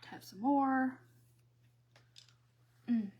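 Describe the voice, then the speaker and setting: A woman's voice: high-pitched, drawn-out words, muffled recording. A middle-aged woman from Mississippi with a Southern accent, chatting casually through a crafting live stream and reading viewer comments aloud.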